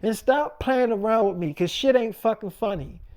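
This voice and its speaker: A man voicing his pregnant girlfriend in a retold argument, scolding and swearing with sharp, needling jabs. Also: high voice, normal speed, close to an everyday voice. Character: sharp-tongued jealous pregnant girlfriend, young woman.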